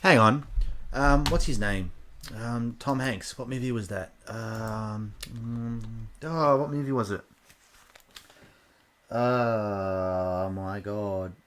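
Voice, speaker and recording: A man's voice: fairly low pitch, takes it slowly, a bit bright, slight background noise. A man with an Australian accent, hosting a reaction video in a rambling, casual way with lots of ums and restarts.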